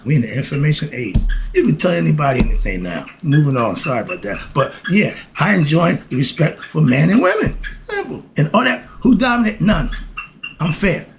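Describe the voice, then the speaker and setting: A man talks through a list of philosophical principles in blunt, informal street speech. His voice sits a bit high and swings widely as he gets worked up. A faint hiss runs underneath. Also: gravelly, low-quality recording. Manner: animated, street talk, bursts into shouting then apologizes. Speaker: host. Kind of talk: casual spoken commentary on philosophy.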